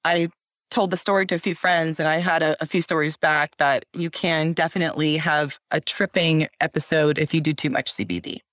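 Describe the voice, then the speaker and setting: A woman telling a story in casual chat as a guest, animated and acting out voices. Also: low voice, a little fast, no room sound, studio quality. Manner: animated, acts out voices in her stories.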